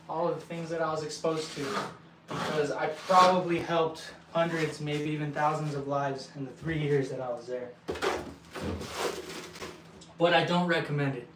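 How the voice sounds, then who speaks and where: A young man from El Paso, short of breath, talking earnestly to his viewers with halting restarts. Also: on the high side, very noisy. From El Paso, Texas. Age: young adult. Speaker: vlogger. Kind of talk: casual talk to viewers. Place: indoor building site. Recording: echoey room, mic at a distance.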